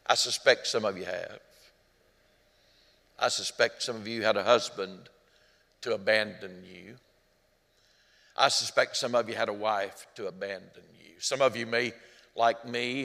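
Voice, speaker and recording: A male pastor preaching a sermon in a church, speaking earnestly, rising loud on quoted cries and dropping low and hushed at tender moments. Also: gravelly. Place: church sanctuary. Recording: long hall reverb.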